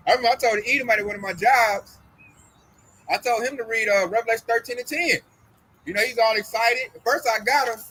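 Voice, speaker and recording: A man's voice: very high voice, fast, sharp tone, slight background noise, poor audio. A man talking casually about religion as a host, emphatic and full of slang, acting out the voices of people he quotes.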